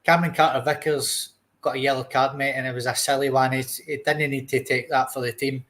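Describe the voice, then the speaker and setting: A man's voice: medium pitch, fairly even intonation, a little fast, a bit bright. A young Scottish man co-hosting a podcast, talking football bluntly and casually. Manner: blunt, says mate a lot. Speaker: podcast co-host.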